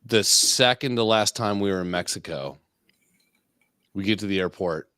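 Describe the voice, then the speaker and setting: Low-voiced crude podcast man, dry sound. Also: moderate pace, bright, forceful tone, clear, resonant tone, no echo. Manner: rambling, crude, laughing stories. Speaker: podcast co-host. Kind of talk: casual chat.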